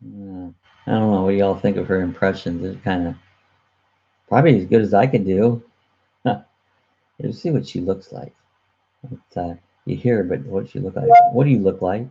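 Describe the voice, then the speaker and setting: On his own channel, a man hosts a rambling live chat, chuckling and stumbling through many "uh" fillers and restarts. His low-pitched voice is gravelly, mellow, and a little breathy, with a moderate pace and frequent pauses. His computer webcam mic cuts off the highs.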